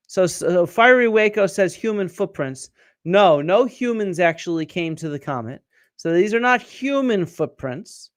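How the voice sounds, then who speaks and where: A man's voice: high-pitched, lively intonation, a little slow, no echo, clean studio sound. A man hosting a live-streamed archaeology lecture, explaining step by step, quizzing viewers and answering their comments. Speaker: archaeologist host.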